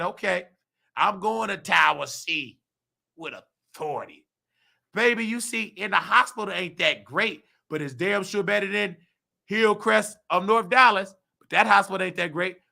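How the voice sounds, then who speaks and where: A hoarse man hosting his own show, ranting heatedly and preaching to the listener, acting out the people he quotes. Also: sits high, animated, a little slow, sharp tone. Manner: preachy, heated, acts out quoted voices, calls listener baby. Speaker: show host. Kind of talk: animated personal rant.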